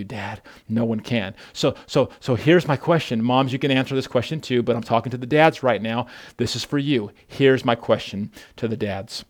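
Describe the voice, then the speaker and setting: A man preaching a sermon as pastor, speaking straight to the listener, often repeating words and building to loud, passionate appeals. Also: mid-range voice. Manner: speaks directly to the listener as brother.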